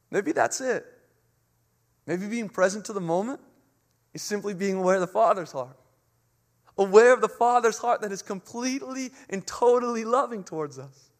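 A pastor in his thirties preaches with a noticeably high voice. He moves between earnest, heartfelt appeals and relaxed, chatty asides, as if he were talking with his congregation rather than lecturing them. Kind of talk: sermon.

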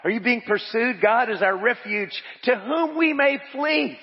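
Pastor preaching in an echoey hall. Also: male voice, extremely high pitch, unhurried, slightly rough, muffled recording. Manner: reads scripture and quotes aloud, repeats phrases for emphasis; asks the congregation to repeat lines. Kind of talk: sermon. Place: church.

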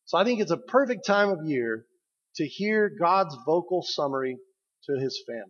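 A man's voice: a little high, animated. Man preaching on a dull lo-fi recording. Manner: conversational, emphatic preaching with slow pauses. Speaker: pastor. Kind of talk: sermon.

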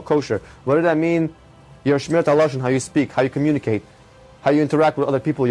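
A man telling an inspirational religious story in a conversational, animated way. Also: mid-range voice. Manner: conversational, animated with many fillers.

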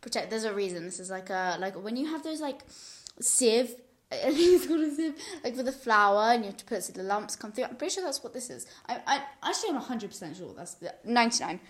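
A slightly high-voiced woman talks through a casual solo podcast, rambling from thought to thought and laughing often. She sits on a couch at home with a big microphone pulled up close. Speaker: podcast host. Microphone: large studio mic pulled up close.

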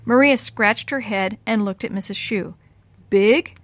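A woman reading a chapter book aloud to children, giving the kids' lines lively voices. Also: mid-range voice, moderate pace, dry recording. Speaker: storyteller for children.

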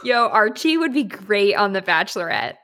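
A woman's voice: medium pitch, very animated, normal speed, fairly bright tone. A young woman co-hosting a podcast in casual chat. She is chatty, laughs often and swears casually. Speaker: podcast co-host.

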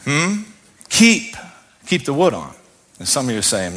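A man preaching a sermon as pastor, fiery and building to shouted peaks, calling on the congregation to answer him. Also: fairly low pitch, sing-song, normal speed.

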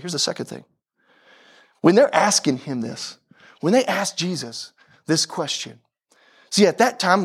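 A pastor preaching a sermon with fervor, repeating phrases and talking straight to his congregation. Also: high voice.

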